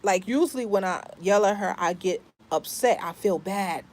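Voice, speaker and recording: A woman's voice: mid-range voice, moderate pace, a little mellow. A middle-aged woman from the Bronx, chatting casually to her vlog viewers, emphatic and repeating herself. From the Bronx, New York. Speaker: family vlogger.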